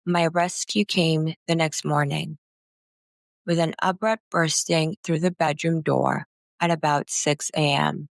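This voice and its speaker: A woman narrating a first-person memoir in a slow, somber reading. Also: deep voice, steady tone, vocal fry, no room sound, studio quality.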